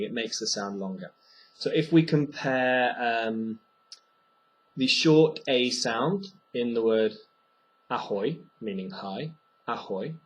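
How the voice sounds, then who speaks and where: A man teaching a pronunciation lesson, speaking slowly and clearly and repeating each sound for the learner. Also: mid-range voice, poor audio. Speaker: language teacher.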